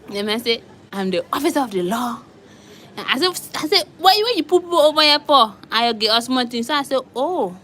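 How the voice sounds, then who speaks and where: A woman telling a story in casual talk, acting out both sides of an exchange in lively bursts. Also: high voice. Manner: animated, acts out both sides of a traffic stop in Liberian English.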